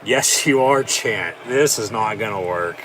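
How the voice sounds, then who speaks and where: A man with a fairly low voice talks through a live watch-along, swearing often and mocking what he sees. He sounds exasperated and sarcastic. A faint steady hum sits under the recording. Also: a little slow. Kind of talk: live reaction commentary.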